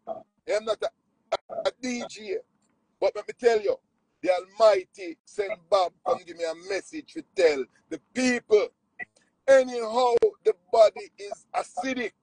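A man's voice: measured pace, gravelly, no room sound, low-quality recording. Jamaican nutritionist, man, bold swooping delivery, dry close sound. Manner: animated, preachy, swings pitch widely. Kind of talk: casual spiritual storytelling.

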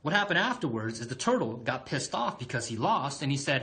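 A man telling a fable as a motivational talk. He is animated and keeps tagging his points with "right?". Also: medium pitch, a little fast, few pauses. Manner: animated, with repeated "right?" asides. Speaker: motivational speaker. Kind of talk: motivational storytelling.

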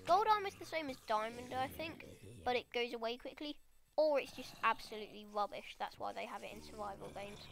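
Girl gaming, chatty and excitable, bit high voice, faint hiss behind. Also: brisk, gravelly. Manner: excitable, chatters at the game's monsters. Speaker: gamer. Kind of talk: let's play commentary.

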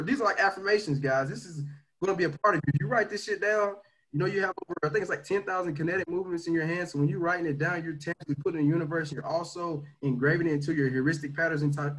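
Brief: energetic man hyping his team in a slangy leadership livestream, voice sits a bit high. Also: rough recording. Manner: energetic and slangy, swinging between loud pushes and quiet asides. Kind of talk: motivational livestream talk.

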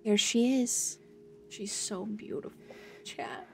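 A woman's voice: mid-range voice, lively intonation, slow, vocal fry, faint music behind. A young woman streaming a game, reacting with emotion and rambling with many fillers. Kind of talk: live game commentary.

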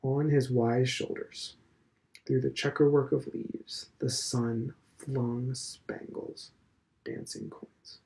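A male professor reading a novel aloud in a measured, even narrating voice. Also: mid-range voice, creaky. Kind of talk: audiobook-style literary reading.

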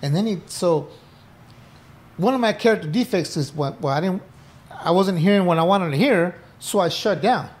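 Animated middle-aged man telling his story. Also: high voice, moderate pace. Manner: animated, acts out quoted dialogue, swears casually. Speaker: podcast guest. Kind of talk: casual interview storytelling. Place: indoor podcast room.

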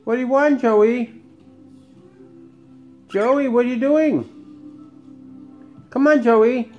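A man coaxing his pet parakeet in a high, sing-song voice. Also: takes it slowly, darkish tone, highs cut off, soft background music. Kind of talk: talking to a pet bird.

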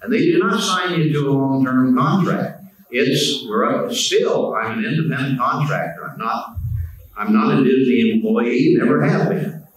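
A man's voice: medium pitch, normal speed. Easygoing older man in an echoey hall. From United States. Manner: easygoing, chatty, self-deprecating. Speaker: panel guest voice actor. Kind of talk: relaxed anecdotal storytelling. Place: convention panel room. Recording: echoey convention hall, distant mic.

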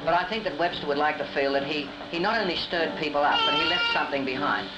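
A man speaking in a documentary interview, measured and thoughtful, with occasional hesitant fillers. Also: fairly high pitch, very noisy. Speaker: interviewee, chapel associate.

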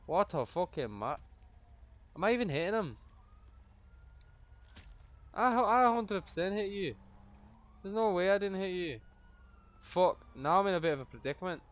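A young man streaming a game, swearing constantly and breaking into shouted rants. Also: fairly high pitch. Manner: foul-mouthed, ranting, erupts into shouting. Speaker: gaming streamer. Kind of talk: casual gameplay commentary.

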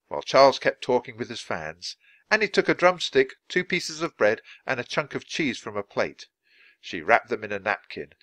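A man reading a children's storybook aloud for English learners, narrating clearly and expressively. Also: medium pitch, big pitch swings, normal speed, a bit bright, dry recording. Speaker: storybook reader.

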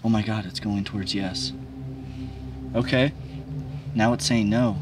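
A man's voice: on the low side, a little slow. Jumpy man ghost-hunting outdoors. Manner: excitable, jumpy, swears often. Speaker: paranormal investigator, vlog host. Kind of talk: on-the-spot ghost-hunting vlog. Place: outdoors at a bridge in rural woodland. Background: music under the voice.

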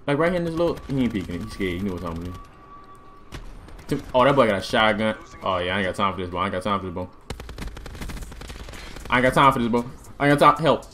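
A young man giving excited gameplay commentary as a gaming video host, loud and jumpy, repeating himself in bursts. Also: lowish voice, fast, pauses often, a little hiss or hum. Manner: hyped, loud outbursts, repeats phrases, laughing. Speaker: gaming YouTuber. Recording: faint music and gunfire behind.

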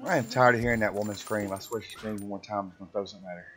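A man's voice: lowish voice, fairly even intonation, racing, fairly bright tone. A man chatting casually and swearing freely while playing a game, joking and teasing as he goes. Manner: profane, joking, hums along while playing. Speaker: game streamer. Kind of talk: casual gameplay chat.

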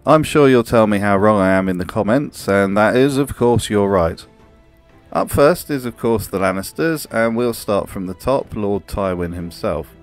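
A man's voice: fairly low pitch, moderate pace, faint music behind. Dry, sarcastic male narrator. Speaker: host. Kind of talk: comedic video essay narration.

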